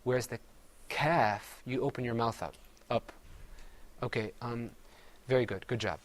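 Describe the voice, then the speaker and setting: Speaking unhurriedly in a medium pitch, a man runs a pronunciation drill on Arabic letter sounds. He says each sound patiently, the class echoes it back, and he breaks down the mouth positions step by step.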